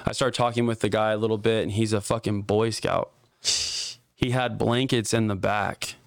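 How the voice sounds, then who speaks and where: A man telling a story in a casual podcast chat, profane and animated, acting out the quotes. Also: fairly low pitch, normal speed, vocal fry, dry recording, studio quality.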